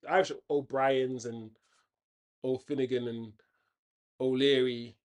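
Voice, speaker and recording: Casting note: male streamer, casual live match chat, rambling asides, sudden loud outbursts at the game, mid-pitched everyday voice. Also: flat delivery, measured pace. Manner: chatty, reacts loudly to the game, rambling tangents. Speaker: host of a football watchalong.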